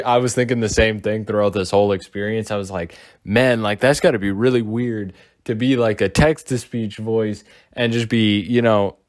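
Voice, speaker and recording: A man's voice: medium pitch, darkish tone. A young man giving casual reaction commentary, rambling with lots of fillers and calling his viewers bro and dude. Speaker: commentary youtuber.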